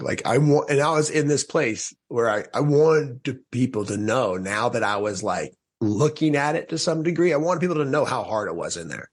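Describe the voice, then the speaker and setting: A man appears as a podcast guest, earnestly telling his personal story in a medium-pitched voice. He talks briskly with few pauses, often restarts his sentences, and grows animated when quoting.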